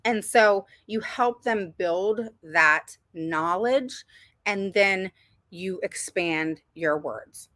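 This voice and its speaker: A woman's voice: mid-range voice, pushed and bright, no room sound, clean studio sound. A middle-aged woman giving casual, rambling advice to parents, with frequent ums and laughs. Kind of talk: casual advice talk to viewers.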